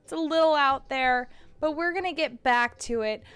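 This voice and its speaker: A slightly hoarse woman streamer chatting casually and self-mockingly as she plays a game. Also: high-pitched, moderate pace, fairly bright tone, no room sound, faint music behind. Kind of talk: casual live-stream chat.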